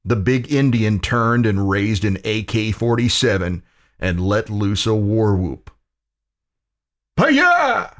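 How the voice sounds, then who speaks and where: A man narrating a pulp audio story in a dramatic, deliberate reading. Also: fairly low pitch, steady tone.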